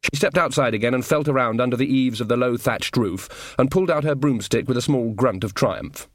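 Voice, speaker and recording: A man giving scripted audiobook narration in an even, measured way. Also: mid-range voice, no room sound, clean studio sound.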